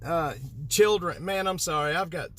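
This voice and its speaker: A man's voice: fairly high pitch, normal speed, fairly bright tone. A man, live-streaming from beside his broken-down car in the cold, joking with viewers and sounding exasperated. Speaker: livestream host. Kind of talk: casual live-stream chat.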